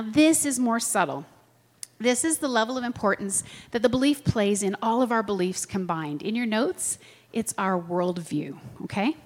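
A middle-aged woman teaching a class, lively and chatty, often checking that her listeners follow. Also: mid-range voice. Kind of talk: classroom lecture with personal anecdotes. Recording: long hall reverb.

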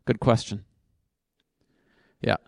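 A man's voice: slow pace, a little mellow, dry recording, clean studio sound. A man speaking at a conference and answering audience questions off the cuff, thinking aloud in a casual, self-deprecating way.

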